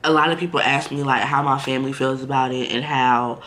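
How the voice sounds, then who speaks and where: Bright-voiced man in a candid vlog. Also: medium pitch, a little fast. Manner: candid and blunt, lots of "like" and "you know"; relaxed, conversational, addresses viewers directly. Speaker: vlogger. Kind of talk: casual vlog talk to camera.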